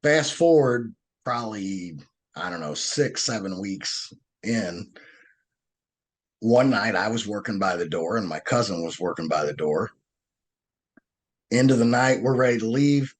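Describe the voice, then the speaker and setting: A man telling stories as a podcast guest, earnest and animated, often restarting his sentences. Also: on the low side, measured pace, long pauses, slightly rough. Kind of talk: conversational storytelling.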